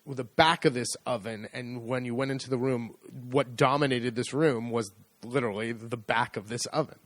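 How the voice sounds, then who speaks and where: A man's voice: medium pitch, steady tone, normal speed, a bit bright, no room sound. A middle-aged American man co-hosting a podcast in casual chat, joking in a dry, easygoing way. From United States. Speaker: podcast co-host.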